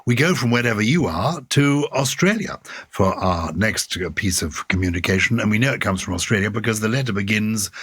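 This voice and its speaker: A man's voice: on the low side, lively intonation, fairly quick, a bit bright, breathy edge, no room sound, clean studio sound. An older man co-hosting a podcast, reading out listener letters in a playful, theatrical way. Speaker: podcast co-host.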